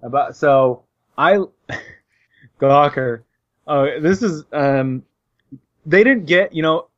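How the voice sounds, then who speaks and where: A man co-hosting a podcast, ranting sarcastically and halting with many fillers. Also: a little high, no room sound. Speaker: podcast co-host. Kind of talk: casual opinionated banter. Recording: dull, dry lo-fi podcast audio.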